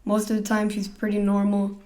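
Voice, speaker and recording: A man's voice: high-pitched, completely flat delivery, fairly quick, darkish tone. A teenage boy telling a rambling, hesitant storytime to his vlog audience. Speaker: vlogger.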